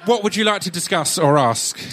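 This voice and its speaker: Hosting an audience Q&A on stage at a live book launch in a theatre, a man from Essex, England, with an Essex accent speaks in a high, expressive, brisk voice. He chats casually, jokes, swears and restarts his sentences, with a noisy background.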